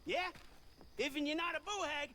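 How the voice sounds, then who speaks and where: A gravelly, suspicious Southern old man. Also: very high voice, moderate pace, a crowd in the background. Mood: wary. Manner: gruff and superstitious. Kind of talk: video game voice acting.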